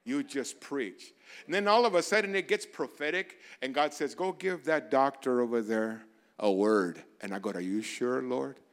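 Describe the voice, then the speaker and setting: A man preaching a sermon as a pastor, moving from quiet asides to loud, urgent exhortations. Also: medium pitch, normal speed. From barrio in the United States.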